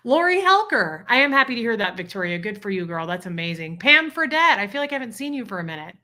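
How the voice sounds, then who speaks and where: Female streamer, crisp bright voice, gushing casual chat with her viewers. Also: mid-range voice, very animated, fast talker. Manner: chatty, greets viewers by name, gushing. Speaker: livestream host reading chat.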